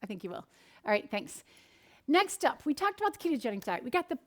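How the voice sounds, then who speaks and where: A middle-aged woman nutritionist giving an animated, encouraging talk, sharing stories from her counseling work. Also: high-pitched, fast.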